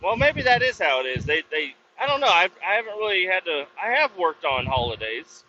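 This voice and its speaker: Foul-mouthed rambling man, bright voice. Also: high voice, very animated, brisk, highs cut off, a little hiss or hum. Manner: rambling, heavy swearing, self-doubting asides. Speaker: podcast host; industrial cleaning worker. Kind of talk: casual profane storytelling.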